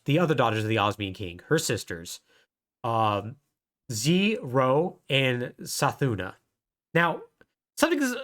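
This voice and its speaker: A man co-hosting a podcast, casually retelling a story with jokes and laughs. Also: fairly high pitch. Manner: animated storytelling, laughing at his own jokes. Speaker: podcast co-host. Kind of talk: casual chat.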